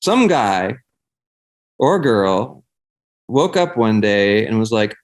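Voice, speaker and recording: A young man speaking in a somewhat low voice, chatting loosely as a podcast guest. He rambles through his thoughts with plenty of swearing and filler words. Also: very animated, slow. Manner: rambling, profane, heavy use of "like". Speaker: podcast guest, singer and life coach. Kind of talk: casual conversation.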